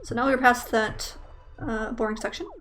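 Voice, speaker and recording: A woman's voice: on the high side, steady tone, normal speed, a bit bright, faint music behind. A young woman casually commentating her own speedrun, rambling with lots of fillers and self-deprecating jokes.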